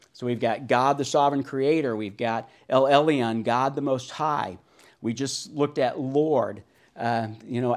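A man teaching verse by verse through the Bible in a relaxed, conversational way, with frequent fillers and restarts. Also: medium pitch.

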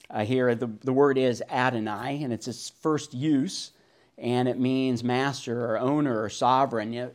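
A man teaching verse by verse through the Bible in a relaxed, conversational way, with frequent fillers and restarts. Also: mid-range voice.

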